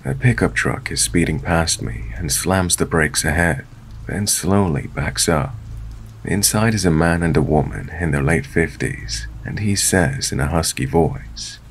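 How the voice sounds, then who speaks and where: A man narrating a true scary story in a steady, measured storytelling voice. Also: low voice, vocal fry, slight background noise. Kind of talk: scripted narration.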